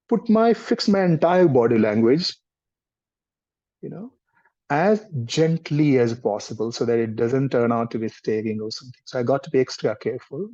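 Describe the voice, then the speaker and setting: A man, a counseling trainer explaining things gently in a live workshop. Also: medium pitch. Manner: gentle, explanatory, mixes in Hindi words. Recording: dull lo-fi sound.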